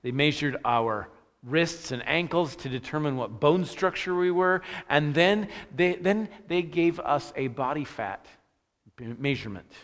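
A man preaches from the front of a church, his bright, forceful voice carrying a long reverb through the hall. He talks like a friendly pastor, trading stumbles and fillers for a relaxed, humorous storytelling style before settling into scripture. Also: a little high, unhurried. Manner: self-deprecating storytelling, frequent restarts and fillers. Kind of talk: sermon.

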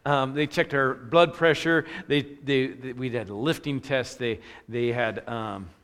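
Male pastor, sermon delivery, bright ringing voice, casual self-deprecating storyteller, long hall reverb. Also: medium pitch, a little slow. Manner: self-deprecating storytelling, frequent restarts and fillers.

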